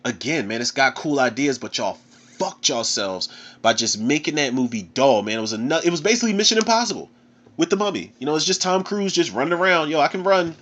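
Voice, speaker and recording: A man's voice: mid-range voice, animated, a little fast, fairly bright tone. A man hosting a podcast, talking about movies in a loose, profane casual chat and often saying "man". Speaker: podcast host and movie reviewer. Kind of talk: casual movie review talk. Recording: slightly dull lo-fi audio.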